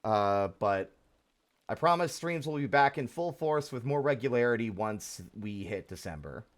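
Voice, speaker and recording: A man's voice: mid-range voice, expressive, normal speed. A young man live-streaming a game, talking casually and frankly, grumbling and swearing freely.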